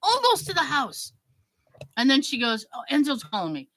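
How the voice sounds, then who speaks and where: Animated bright-voiced woman telling a story. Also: high-pitched, moderate pace, rough recording. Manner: animated, acts out quoted dialogue. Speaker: podcast host. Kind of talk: casual storytelling chat.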